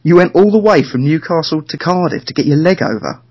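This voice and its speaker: A man's voice: fairly high pitch, expressive, a little fast, darkish tone, husky. A man hosting a podcast, teasing the others and steering the chat. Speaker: podcast host.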